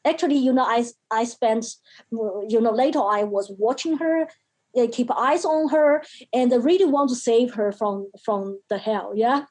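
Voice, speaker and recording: Woman, slightly high-pitched voice, interview guest, personal storytelling, halting phrasing, filler words, emphatic quoted speech. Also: darkish tone, low-quality recording. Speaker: podcast guest, mental health educator.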